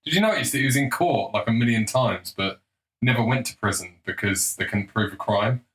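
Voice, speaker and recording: Man, young, combative, sarcastic, casual monologue, middle pitch. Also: brisk, fairly bright tone, low-quality recording. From England. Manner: blunt, combative, sarcastic, swears freely. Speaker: political commentator.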